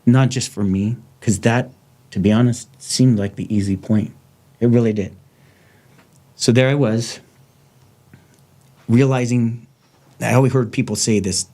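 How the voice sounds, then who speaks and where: A man's voice: medium pitch, steady tone, unhurried, long pauses, warm tone. A middle-aged man and former lawman hosting a podcast, speaking in a raw, blunt, heartfelt way. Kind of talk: candid podcast conversation.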